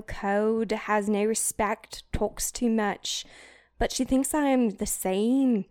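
A woman reading diary entries in a put-on British accent, voicing a fearful, brooding teenage girl in a slow, earnest, intense way. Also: medium pitch, a little mellow, dry recording, clean studio sound, lightly acted.

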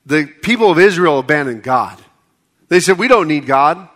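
A man's voice: fairly high pitch, lively intonation, moderate pace, fairly bright tone. A middle-aged American man preaching a sermon in a conversational way, with joking asides that build to impassioned appeals. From United States. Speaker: pastor.

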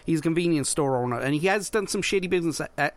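A man's voice: on the high side, animated, racing, no room sound. A man co-hosting a podcast in casual chat, often restarting and repeating his words. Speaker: podcast co-host.

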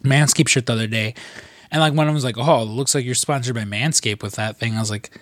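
A man's voice: mid-range voice, quick pace, no echo, studio quality. A man co-hosting a podcast, telling stories in a loose, profane way with lots of fillers. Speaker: podcast co-host. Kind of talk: casual chat.

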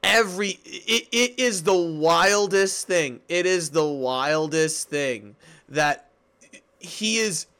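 A young man co-hosting a casual sports podcast, excitable and giggly, tripping over and repeating his words. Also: on the high side, slow. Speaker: podcast co-host.

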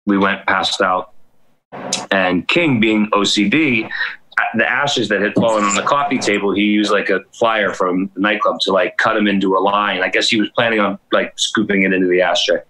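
A man's voice: on the low side, steady tone, moderate pace, noisy background. A man casually telling a long, rambling, profane anecdote on a podcast, full of restarts and acted quotes. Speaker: guest storyteller.

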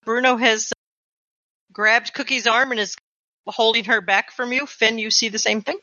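A woman's voice: a little high, fairly even intonation, normal speed, pushed and bright, dry recording, lo-fi sound. A woman game master narrating and asking her players about their actions. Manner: checks actions, asks players questions.

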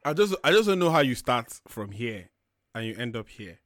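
A man's voice: medium pitch, moderate pace, no echo, studio quality. A young man hosting a talk show, ranting bluntly and profanely in casual chat. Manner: blunt, profane, animated storytelling. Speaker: podcast host. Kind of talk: heated casual rant.

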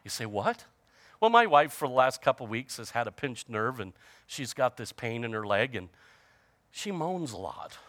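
A man's voice: medium pitch, very animated, normal speed, fairly bright tone. A man preaching a sermon, chatting with the congregation, joking about everyday trouble and reading scripture aloud. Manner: conversational preaching with humor and audience call-outs. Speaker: pastor.

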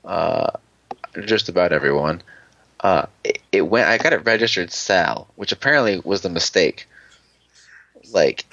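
Rambling low-voiced young man. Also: sharp tone, no room sound, lo-fi sound. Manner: rambling, swears a lot, imitates people in high voices. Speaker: podcast co-host. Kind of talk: casual chat.

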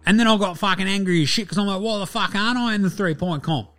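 A man's voice: sits high, quick pace, pitched above the performer's own voice. A man doing a swaggering foul-mouthed Aussie baller. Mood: brash. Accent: Australian. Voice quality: loud, swaggering, crude. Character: brash, boastful, foul-mouthed male Australian basketballer. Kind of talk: comedic character bit.

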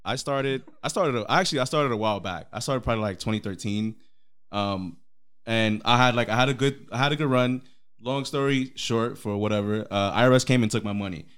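A man's voice: medium pitch, a little fast, fairly bright tone, clear, resonant tone. A man co-hosting a podcast in casual chat, laid-back and slangy, often chiming in to agree. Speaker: podcast co-host.

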